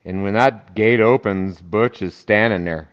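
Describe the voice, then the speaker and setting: A man telling a lively anecdote as a podcast guest, acting out the people in his story. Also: fairly low pitch, unhurried, dull audio. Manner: animated anecdote teller who acts out quoted voices. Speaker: podcast guest, festival founder. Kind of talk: casual storytelling.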